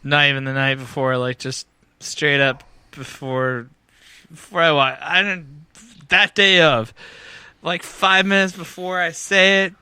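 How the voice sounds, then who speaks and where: A man's voice: on the high side, steady tone, measured pace, pushed and bright, clean tone, dry recording. A man hosting a podcast, telling stories in a casual, profane way, laughing often and acting out both sides of conversations. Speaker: podcast host. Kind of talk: casual chat, storytelling. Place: podcast studio.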